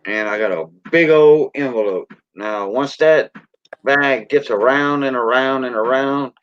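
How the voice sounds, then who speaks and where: A man's voice: medium pitch, a little slow, a bit bright, smooth, no room sound. A man with a Cajun accent hosting a casual livestream, rambling in a folksy way and greeting viewers by name. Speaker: livestream host. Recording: dull lo-fi dry sound.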